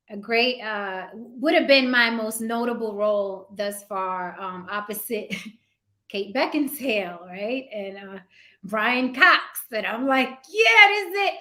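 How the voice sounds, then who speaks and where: A woman hosting an interview show, telling candid stories in a casual, expressive way and laughing often. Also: fairly high pitch. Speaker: show host.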